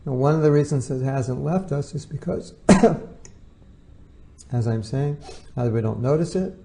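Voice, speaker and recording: Gravelly, dark-voiced man lecturing. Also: mid-range voice, measured pace. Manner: conversational, acts out quoted voices. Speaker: spiritual teacher. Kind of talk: informal lecture to devotees.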